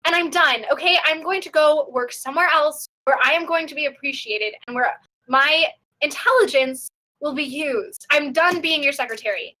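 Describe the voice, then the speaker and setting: A woman voicing an exasperated young secretary, high and bright, who unloads her grievances in a rush. She talks in a ranting, stammering way, with a clear, bright tone. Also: moderate pace, low-quality recording. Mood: indignant. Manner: ranting, then stammering in apology. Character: fed-up young female office secretary, proud and bitter.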